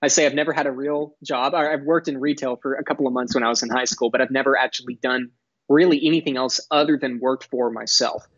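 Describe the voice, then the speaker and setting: A man's voice: medium pitch, steady tone, fast, a bit bright, no echo, dull audio. A young man from Texas speaking mostly neutral American English, talking as an entrepreneur guest in a podcast interview in an articulate, earnest way with some restarts. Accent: none, mostly neutral American with a faint Texas drawl at times. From Dallas, Texas.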